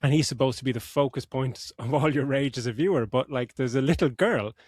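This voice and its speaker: A man's voice: medium pitch, a little fast, darkish tone, breathy edge, no room sound, studio quality. A middle-aged man co-hosting a podcast, ranting about a movie in casual chat, swearing often and laughing mid-sentence. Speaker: podcast co-host.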